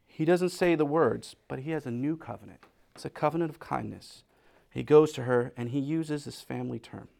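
A male preacher delivers a sermon with a gravelly, fry-laden voice pitched a bit above the usual. He presses his points hard, then drops to a hush for quoted words. The delivery keeps swinging between loud and soft. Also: normal speed.

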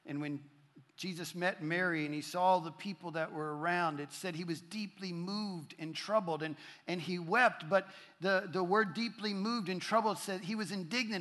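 A man's voice: high-pitched, moderate pace, a bit bright. A man preaching a sermon to a congregation, building emphasis through repeated phrases and scripture readings. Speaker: pastor. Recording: long hall reverb.

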